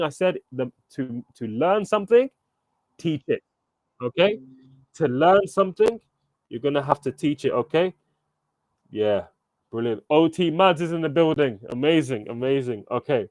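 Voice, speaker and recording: A man coaching a live online workshop, energetic and encouraging, calling on participants by name and checking in with "okay?" and "right?" as he talks over a computer mic. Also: a little high, dry recording.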